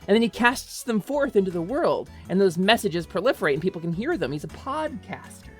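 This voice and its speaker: Animated woman game master. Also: medium pitch, a little fast, faint music behind. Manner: playful, animated storytelling. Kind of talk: narrating a tabletop game stream.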